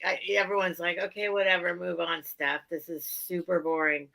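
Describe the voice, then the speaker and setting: Woman, live-sale host, bright tone, chatty, excitable, self-teasing. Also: on the low side, moderate pace, creaky, rough recording. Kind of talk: casual live-sale chat.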